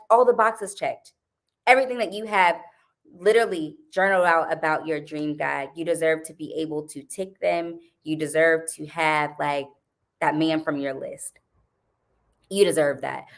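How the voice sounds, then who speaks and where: A woman's voice: low voice, fairly bright tone. A young adult woman hosting a casual livestream, chatting animatedly with viewers and laughing often. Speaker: livestream host.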